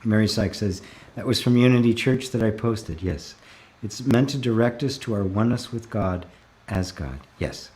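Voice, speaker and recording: Calm low-voiced man teaching spirituality. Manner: calm, reflective, often slows to stress a word. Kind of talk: live online Q&A, reading viewer comments.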